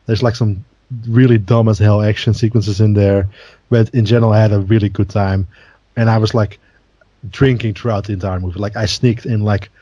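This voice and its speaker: A man's voice: on the low side, fairly even intonation, brisk, dark tone, no echo, lo-fi sound. A man co-hosting a podcast in casual chat, rambling with many fillers and laughing often. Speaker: podcast co-host.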